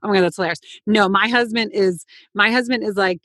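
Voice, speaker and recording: A woman's voice: medium pitch, fast talker, bright, forceful tone, no room sound. A woman in her thirties, a mother and coach, chatting with enthusiasm and casual swearing. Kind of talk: casual chat.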